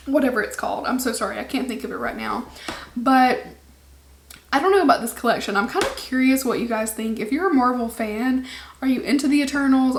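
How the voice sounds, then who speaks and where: A woman's voice: on the high side, roomy sound. A young woman, a beauty vlogger, chatting casually to camera in a rambling way with lots of ums, her voice starting to wear out.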